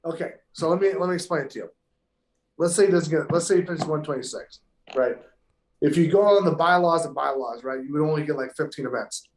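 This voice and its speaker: A male pro golfer talks fast in a slightly high voice while trading stories as a podcast guest. The chat is casual but emphatic and loaded with swearing, recorded in an echoey room.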